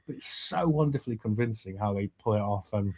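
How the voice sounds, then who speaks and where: A man co-hosting a casual podcast chat, retelling scenes in an animated way and laughing as he quotes the lines. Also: fairly low pitch, brisk, slightly rough. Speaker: podcast co-host.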